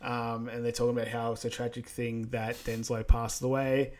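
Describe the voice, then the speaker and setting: A man co-hosting a movie rewatch podcast, calmly recapping the plot with frequent ums and small laughs. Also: medium pitch, moderate pace. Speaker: podcast co-host. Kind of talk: casual movie rewatch chat.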